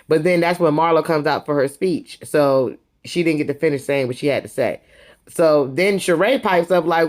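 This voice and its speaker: A woman's voice: sits low, moderate pace. Gossipy woman recapping reality TV. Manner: gossipy, animated, acts out quotes with laughs. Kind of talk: casual episode recap.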